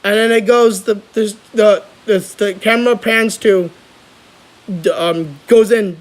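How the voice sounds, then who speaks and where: High-voiced young man rambling excitedly. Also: measured pace, poor audio. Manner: rambling, excitable, frequent restarts. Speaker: vlogger. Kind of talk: casual chat.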